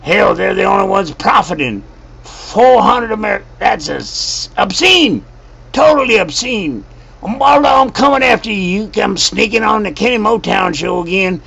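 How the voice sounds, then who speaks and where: A man doing a shouting grumpy old veteran. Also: medium pitch, animated, takes it slowly, heavily acted. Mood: angry ranting. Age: over 60. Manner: shouting, cursing, gravelly. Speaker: show character. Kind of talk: comedic rant.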